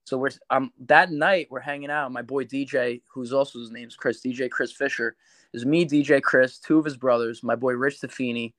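Man, podcast guest, casual animated storytelling, lots of swearing, mid pitch, dry sound. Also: moderate pace, no room sound. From New York. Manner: animated, swears a lot, acts out quoted voices.

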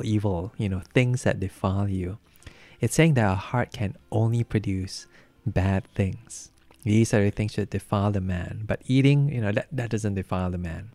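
Low-voiced man preaching conversationally. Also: a little mellow, no room sound. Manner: conversational, anecdotal preaching with many fillers. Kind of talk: sermon.

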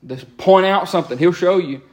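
A man, preaching a lively sermon in a church and breaking into quick asides and repeated words. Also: high-pitched. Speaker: pastor. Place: church sanctuary.

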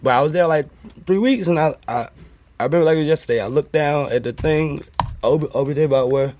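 A man telling a story in casual chat, animated and acting out the voices of the people in it. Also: fairly high pitch, quick pace. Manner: animated, acts out quoted voices. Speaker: guest.

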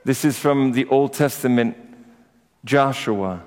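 A man's voice: mid-range voice, slow pace. A priest giving a conversational sermon to his congregation, with personal asides. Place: church. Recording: echoey church with long reverb.

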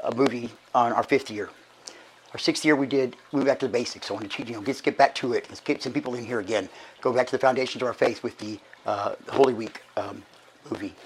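Hoarse, breathless pastor. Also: male voice, mid-range voice, slight background noise, poor audio. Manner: chatty, folksy, halting restarts. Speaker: archbishop giving church announcements. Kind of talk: casual church announcements. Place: church sanctuary.

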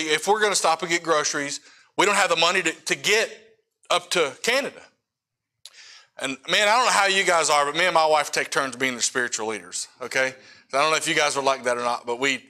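Male missionary preacher, middle-aged, bright tone, chatty storytelling sermon with asides to the crowd. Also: fairly high pitch. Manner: casual storytelling with frequent asides to the audience. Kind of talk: sermon testimony.

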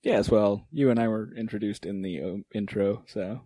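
A man's voice: fairly low pitch, normal speed, dark tone, slightly rough, no room sound. A man co-hosting a casual podcast chat with dry wisecracks. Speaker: podcast co-host.

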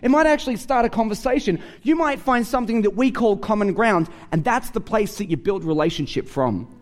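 A high-pitched Australian man preaching in a relaxed, conversational way. He tells stories and acts out the dialogue in different voices, his pitch climbing and falling as he goes. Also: a little fast. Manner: conversational, animated storytelling with acted-out dialogue. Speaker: pastor. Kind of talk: sermon with storytelling.

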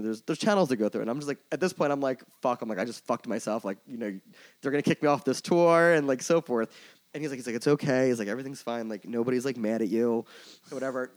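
A man talking quickly in a casual podcast chat, his words tumbling out in a loose, rambling stream. He fills every gap with "like," swears freely and speaks with candid, open emotion about his own slip-ups. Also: mid-range voice. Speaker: tour manager and merch coordinator guest.

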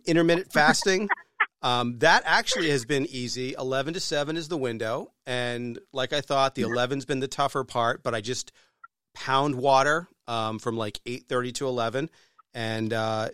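A man on a podcast telling a story in casual, animated chat, swearing freely. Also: medium pitch, smooth, dry recording, studio quality.

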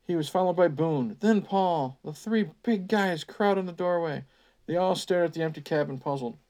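A man reads a teen novel aloud for a podcast with weary sarcasm. He sighs and mutters asides between passages. His voice sits a little higher than most men's. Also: moderate pace, darkish tone. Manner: sarcastic asides, sighing, swearing. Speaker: podcast host reading a book aloud. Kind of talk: mocking storytime reading.

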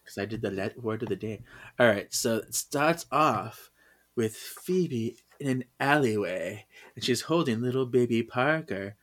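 Male co-host, casual rambling recap, quick to laugh, mid-range voice. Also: mid-range voice, lively intonation, fairly bright tone. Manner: laughs often, loose and rambling. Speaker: podcast co-host. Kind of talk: casual comic book recap chat.

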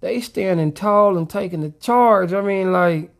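A woman's voice: medium pitch, measured pace. A woman co-hosting a casual podcast, talking in a laid-back, slangy way. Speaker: podcast co-host.

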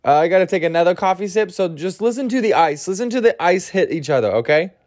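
A man's voice: sits high, animated, fast, a little mellow. A man hosting a solo comedy podcast, rambling and crude with self-mocking humor, groggy from an early start. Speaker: podcast host.

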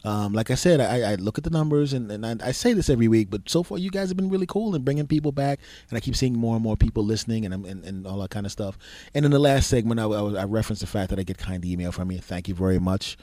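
A man's voice: fairly low pitch, fast talker, warm tone, no echo. A man hosting his own podcast, telling a comic story in a loose, swearing style and acting out the people in it. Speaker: podcast host. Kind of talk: solo comedic storytelling podcast.

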